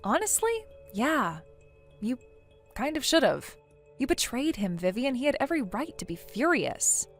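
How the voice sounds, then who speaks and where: A woman voicing a blunt female friend who lectures a cheater in a text story, in a somewhat high voice. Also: sing-song, measured pace, faint music behind, exaggerated voice. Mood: stern.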